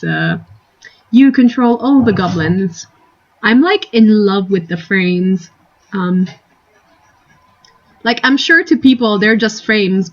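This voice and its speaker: A woman's voice: mid-range voice, highs cut off. A young woman chatting casually on a live stream, rambling and giggly, drifting into tangents.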